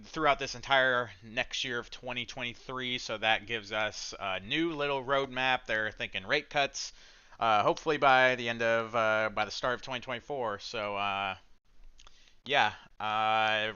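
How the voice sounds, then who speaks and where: A very bright, crisp male voice talks through the market on a live trading stream. He chatters in excited slang and shares his read on price levels. The audio is slightly dull and lo-fi. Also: mid-range voice, measured pace. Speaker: stock trading livestream host. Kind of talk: casual live market commentary.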